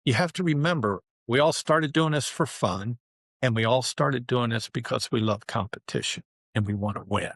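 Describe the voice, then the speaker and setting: A man in his seventies, a former pro basketball player, telling stories as an interview guest in an animated way, often saying "you know" and "man". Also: medium pitch, normal speed, dry recording, studio quality. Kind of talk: interview storytelling.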